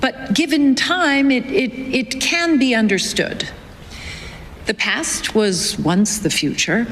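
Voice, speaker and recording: Flustered woman politician, stumbling, halting, very slow, echoey hall. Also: fairly high pitch, a bit bright, slight background noise.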